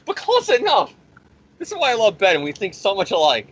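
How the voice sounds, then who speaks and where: A man with a high, bright voice rambles through a comic recap, swearing freely and dripping sarcasm. He hosts his own review show. The sound is dull and lo-fi. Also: huge pitch swings, brisk, breathy edge. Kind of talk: casual profane comic recap. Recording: dull lo-fi recording.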